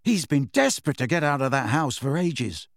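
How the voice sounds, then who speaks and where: A man voicing a nervous, hesitant teenage boy wizard who speaks weakly and quietly, in an audiobook reading. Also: medium pitch, very animated, normal speed, vocal fry, no echo, studio quality. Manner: weak, hushed, hesitant.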